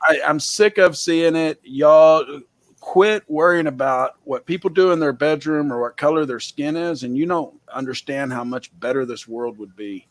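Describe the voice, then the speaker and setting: A man's voice: fairly high pitch, moderate pace, dry recording. A man hosting a casual chat who rants bluntly and swears freely. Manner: blunt, profane, heated ranting. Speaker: host.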